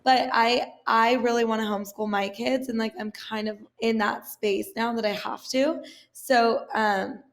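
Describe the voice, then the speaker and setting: A woman hosting a casual podcast, with a voice that sits a little high and carries a gravelly fry. She chats in an easygoing way and drops in quick reactions. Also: fairly even intonation. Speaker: podcast host.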